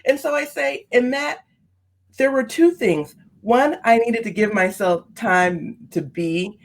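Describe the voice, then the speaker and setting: A woman on a podcast, earnestly telling a personal story, her voice leaping up in pitch when she gets animated. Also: takes it slowly. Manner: earnest, repeats phrases for emphasis. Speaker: podcast guest, speaker on seizing the day.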